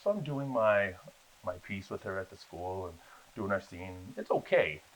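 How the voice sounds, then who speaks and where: A man telling lively stories about his acting career in a casual interview, acting out the people in them. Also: low-pitched, moderate pace, a little hiss or hum. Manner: animated storyteller, acts out voices in his anecdotes. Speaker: guest, actor. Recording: dull lo-fi sound.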